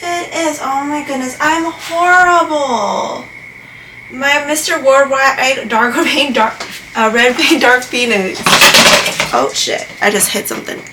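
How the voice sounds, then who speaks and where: A woman with a fairly high voice talks slowly and casually while caring for her plants, often exclaiming and poking fun at herself. The room is echoey, with clear background noise behind her. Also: recorded from a distance. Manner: chatty, self-deprecating, exclaims often. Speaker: plant vlogger. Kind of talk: casual chat while doing chores.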